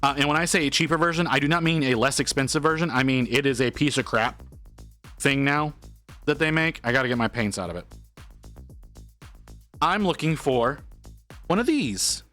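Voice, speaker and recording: A man talks to his stream chat in a bright, forceful voice, rambling through an everyday story full of restarts and quoted asides. Faint music plays under him. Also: medium pitch, expressive, normal speed, long pauses.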